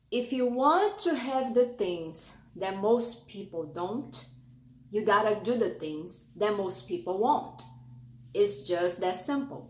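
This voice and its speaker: A woman's voice: mid-range voice, a little hiss or hum. Earnest Brazilian-accented woman coaching. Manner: earnest, coaching, lists limiting beliefs. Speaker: host. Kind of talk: motivational talk. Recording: roomy with faint ambience.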